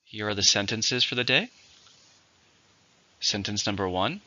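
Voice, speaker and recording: A man teaching English vocabulary in a recorded lesson, with slow, clear, deliberate pronunciation drills. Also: fairly low pitch, lively intonation, pushed and bright. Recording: dull lo-fi recording.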